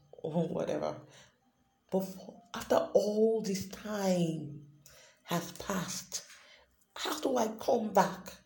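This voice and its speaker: A woman talks slowly and earnestly on her devotional podcast, her voice low and warm. She often repeats herself, and the room is echoey with faint music underneath. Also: vocal fry. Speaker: podcast host. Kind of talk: unscripted devotional podcast talk.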